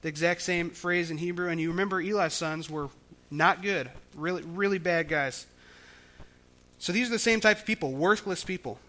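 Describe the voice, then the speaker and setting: Man, preaching casually, high-pitched voice, clear bright tone. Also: normal speed. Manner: conversational, explaining scripture with frequent restarts. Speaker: pastor. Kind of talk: sermon.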